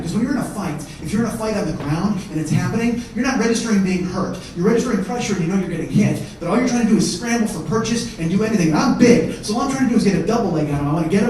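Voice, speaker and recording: A man's voice: high-pitched, a little hiss or hum. Profane man telling a story on stage. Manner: profane, shifts from shouting to hushed. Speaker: comedian. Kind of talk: stand-up storytelling. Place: theater stage. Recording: echoey theater from far off.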